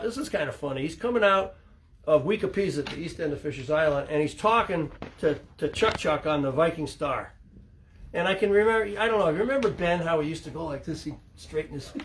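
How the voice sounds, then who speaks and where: A man's voice: sits high, a little hiss or hum. An older man, a fishing captain telling sea stories in casual talk, acting out the voices of the people in them and laughing as he goes. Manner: animated storyteller, acts out quotes, laughs mid-story. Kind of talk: casual storytelling.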